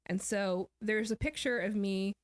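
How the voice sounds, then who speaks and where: A woman's voice: mid-range voice, a little slow, smooth, no room sound, studio quality. A woman guest author telling a personal story in an interview, candid and somber, often quoting what others said.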